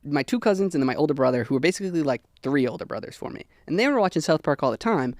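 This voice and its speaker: A young man talking about favorite films in a loose, rambling way, full of ums and likes. His voice sits a little high for a man and lands very dry and close on the mic, with no room sound at all. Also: expressive, very fast, a little mellow, no room sound. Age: young adult. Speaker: podcast guest. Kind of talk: casual chat.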